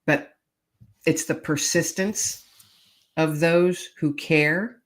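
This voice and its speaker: A middle-aged woman, a podcast guest, earnestly telling a heartfelt personal story in conversation and repeating key phrases for emphasis. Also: a bass voice.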